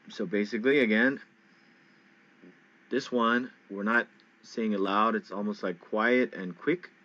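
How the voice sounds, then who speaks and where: A man teaching an English pronunciation lesson in a loose, casual way, checking in with "okay?" and "right?" and drawing out example words slowly. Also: fairly low pitch, sharp tone, dull audio.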